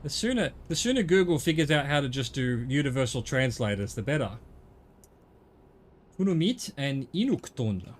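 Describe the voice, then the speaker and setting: A man's voice: medium pitch, big pitch swings, moderate pace, slight background noise. Rambling middle-aged Australian man. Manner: rambling, chatty, swears casually. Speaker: streamer. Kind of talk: casual gaming stream chat.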